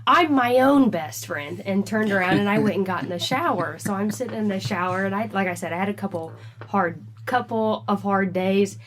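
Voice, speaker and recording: A woman co-hosting a podcast, telling a story in a casual, animated way and acting out the dialogue. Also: mid-range voice, a little fast. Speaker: podcast co-host.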